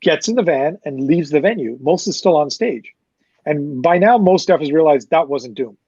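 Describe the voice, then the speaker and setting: A man who works as a concert promoter, telling a loose, fast, profane backstage story as a guest. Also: a little high, lively intonation, a little mellow, breathy edge, no echo, muffled recording. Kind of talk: casual storytelling.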